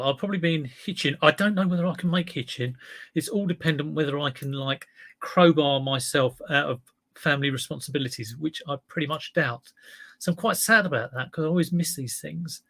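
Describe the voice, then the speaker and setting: A man's voice: a little high, moderate pace, creaky, a bit bright. A man hosting a casual live stream, chatty and rambling, telling dad jokes.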